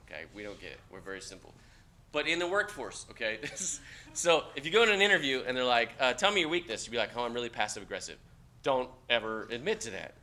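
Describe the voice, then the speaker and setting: A man lecturing a class of cadets, blunt and joking, with loud outbursts. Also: mid-range voice, slight background noise. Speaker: instructor.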